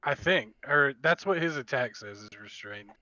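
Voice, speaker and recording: A man's voice: medium pitch, animated, normal speed, bright, forceful tone, dry recording, dull audio. A man playing a tabletop game who helpfully explains the rules. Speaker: player.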